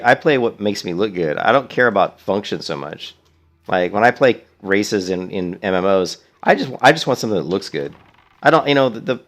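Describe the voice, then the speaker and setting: A man streaming a video game, chatting casually in a rambling, profane way. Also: lowish voice. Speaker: let's play streamer. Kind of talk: casual gaming commentary.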